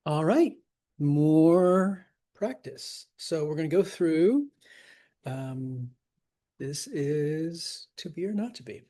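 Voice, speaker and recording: Man, teacher, slow unhurried delivery, encouraging, walks through examples. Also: on the high side, lively intonation, dark tone. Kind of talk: teaching verse scansion.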